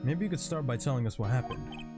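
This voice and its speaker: A man's voice: medium pitch, lively intonation, quick pace, over loud music, natural voice. A man playing a flustered rookie lawyer. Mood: questioning. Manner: flustered, questioning. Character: young male rookie defense lawyer.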